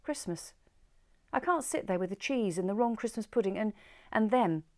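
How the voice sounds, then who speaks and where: A woman reading an anxious, halting wife. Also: mid-range voice, lively intonation, darkish tone, voice pushed up, close to an everyday voice. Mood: overwhelmed. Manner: hesitant, halting, wavering. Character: anxious married woman breaking free.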